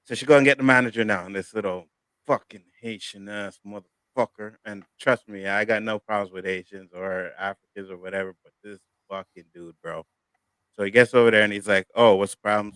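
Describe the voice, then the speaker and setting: A man's voice: fairly low pitch, fairly quick, smooth, dry recording. A man hosting a casual panel talk show, telling a long story in a profane, worked-up way. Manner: profane, animated storytelling rant. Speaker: show host.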